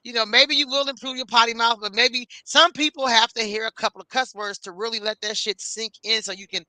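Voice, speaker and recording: A woman's voice: fairly high pitch, fairly even intonation, fairly quick, bright, forceful tone, no echo. A woman in her forties co-hosting a casual chat, blunt and profane, telling stories with animation. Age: 40s. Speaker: co-host.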